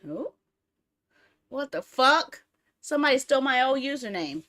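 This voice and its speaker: A woman streamer in casual live-stream chat, rambling and talking to herself as she fiddles with apps, quick to get exasperated and swear. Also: high voice, big pitch swings, pushed and bright.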